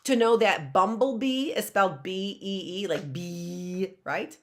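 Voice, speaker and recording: A woman's voice: medium pitch, measured pace. A woman teacher with an American accent giving an online phonics lesson to children, coaxing them to call out answers in a sing-song way.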